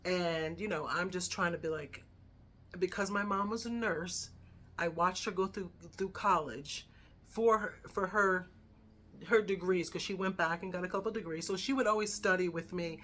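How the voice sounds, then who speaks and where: A woman in her fifties telling a personal story in a chatty, animated way, often checking in with "right?". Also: lowish voice, normal speed. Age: 50s. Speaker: lifestyle vlogger.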